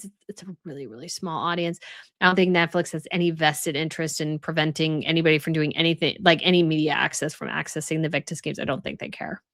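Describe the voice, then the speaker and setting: A woman's voice: on the low side, a bit bright, no room sound, clean studio sound. A young woman hosting a casual live stream, reading viewers' comments aloud and chatting about them with lots of "like" fillers. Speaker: host reading live chat.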